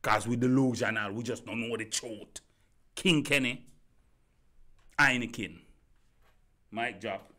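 A Jamaican man in a rambling monologue, talking straight at his audience. His heated delivery circles back to the same points again and again. His voice sits at an ordinary middle pitch and comes across bright and tense. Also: unhurried, long pauses. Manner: heated, repetitive, addresses listeners directly. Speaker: commentator. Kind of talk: rambling opinion rant to camera.

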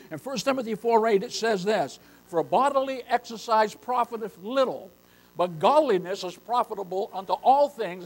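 An older man with a high-pitched, gravelly voice preaches a sermon as a pastor. He's emphatic, often calling his listeners "beloved," and rises into loud bursts.

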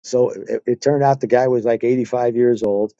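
An older man with a very dark, mellow voice tells stories as a guest on a live stream, unhurried and easy. The sound is dry and a little dull, like lo-fi stream audio. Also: mid-range voice, no echo. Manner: relaxed storyteller, acts out voices in his anecdotes. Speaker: guest, retired motor officer and riding instructor. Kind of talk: live stream interview, storytelling.

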